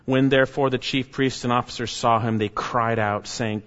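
With a mid-range voice and fairly even intonation, a man preaches slowly and emphatically, letting phrase endings fade quiet. His voice echoes at length around a hall, captured on a dull, lo-fi recording.

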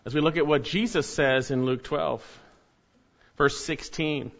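A man delivers a sermon in a voice pitched somewhat high for a man, earnest and measured. He leans into key phrases as he teaches. The recording is dull and lo-fi. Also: fairly even intonation, gravelly. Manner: earnest preaching, reads scripture aloud with rising emphasis. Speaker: pastor.

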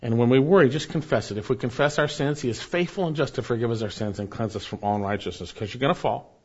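A male pastor preaching a sermon, rising for emphasis and then dropping soft. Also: medium pitch, fast talker, husky, dull audio.

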